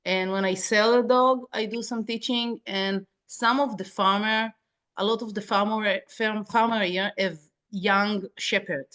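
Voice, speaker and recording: A woman's voice: mid-range voice, fairly even intonation, unhurried, fairly bright tone. A woman from Israel, a sheepdog trainer who is a guest on a podcast, chatting casually in English with small grammar slips. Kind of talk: casual conversation.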